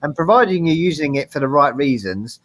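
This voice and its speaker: A man's voice: on the high side, expressive, a little fast, fairly bright tone. A man, a serving police dog handler, co-hosting a casual chat over a video call, talking in an earnest, emphatic way.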